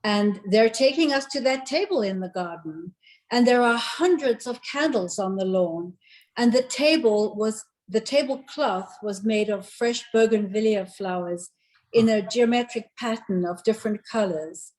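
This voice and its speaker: A woman telling a detailed story in lively, casual talk on a group video call. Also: fairly high pitch, normal speed, low-quality recording.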